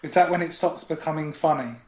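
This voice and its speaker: A man's voice: on the high side, fast talker, a little mellow. A man co-hosting a gaming podcast, making dry teasing remarks in casual chat. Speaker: podcast co-host. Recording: echoey room with faint noise.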